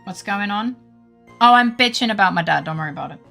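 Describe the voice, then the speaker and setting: A woman's voice: mid-range voice, animated, fast, vocal fry, sharp tone, faint music behind. A woman streamer chatting casually during a game stream, rambling, swearing freely and going on rants. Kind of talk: casual gaming stream chat.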